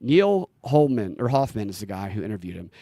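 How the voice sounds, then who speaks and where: A man's voice: on the low side, sing-song, fairly quick, dark tone, no room sound, clean studio sound. A man with a Southern US accent hosting a podcast, chatting casually and telling rambling stories with easy laughs. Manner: rambling storyteller, laughs easily. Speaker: podcast host.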